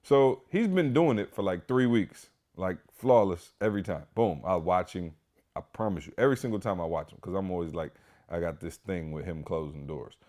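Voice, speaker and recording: A man's voice: sits low, animated, normal speed, darkish tone. A man hosting a podcast, telling a story casually and animatedly, speaking straight to his listeners with lots of fillers and restarts. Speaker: podcast host.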